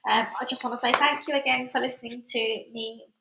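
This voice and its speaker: A woman's voice: high voice, fairly even intonation, a little fast, gravelly, background noise. A woman reading a children's novel aloud, then signing off in a chatty way to her listeners. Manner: chatty, informal sign-off. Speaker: storybook reader. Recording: echoey room.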